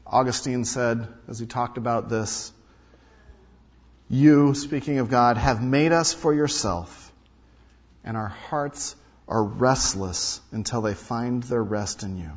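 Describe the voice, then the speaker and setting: A male pastor preaching a sermon, emphatic, repeating key lines and swinging between loud and hushed delivery. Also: medium pitch, slow, slightly rough. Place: large hall or sanctuary. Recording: dull sound with long hall reverb.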